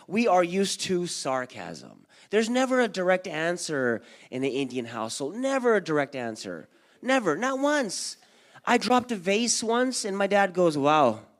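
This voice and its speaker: A young male comedian working a live room at a community event, his voice sitting a little high as he jumps between crowd banter and playing his own mom and dad. He talks into a handheld mic on stage. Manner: energetic crowd work, acts out his parents and friends. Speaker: stand-up comedian. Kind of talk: stand-up comedy set. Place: community center event hall, live audience.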